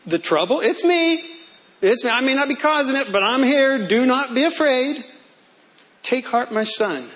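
A man preacher quoting a comforting divine speaker in a gentle, reassuring voice. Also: very high-pitched, animated, normal speed, pitched above the performer's own voice.

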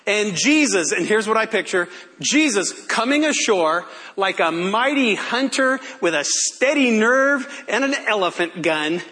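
Older man preaching, high bright voice, slow deliberate delivery, animated storyteller. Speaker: pastor. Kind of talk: sermon.

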